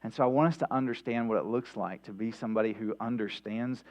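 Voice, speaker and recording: A man's voice: on the low side, steady tone, fast. A man preaching a midweek sermon in a church, talking conversationally with many "right?" asides and restarts. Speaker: pastor. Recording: dull lo-fi sound with mains hum.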